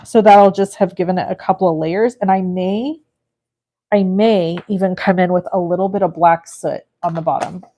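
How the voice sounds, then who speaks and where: A woman from California hosts a live card-making stream, chatting casually and thinking aloud as she crafts and reads viewer comments. Her voice is lowish and mellow, with a steady tone and normal speed.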